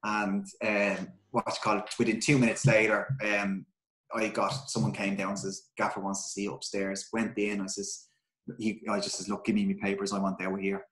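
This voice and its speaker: A man's voice: fairly low pitch, completely flat delivery, normal speed, a bit bright. A middle-aged Irish man, a former footballer, telling stories candidly in a casual interview, swearing freely and restarting his sentences often. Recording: roomy echo.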